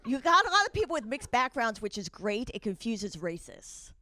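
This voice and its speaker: A woman doing a stand-up comedy set with a brisk, conversational delivery and wry asides. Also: on the high side, sing-song, bright, forceful tone. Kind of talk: stand-up set, then a short chat with the host.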